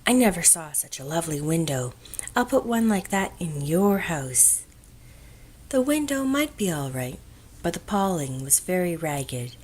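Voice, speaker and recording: A woman narrating an audiobook of a classic novel in a gentle, measured storytelling voice that often drops to a hush. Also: lowish voice, slight background noise.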